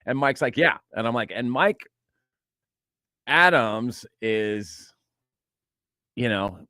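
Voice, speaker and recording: A man's voice: medium pitch, animated, slow pace, pushed and bright, no room sound, clean studio sound. A man co-hosting a podcast, telling rambling stories in casual chat, full of fillers and restarts. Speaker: podcast co-host.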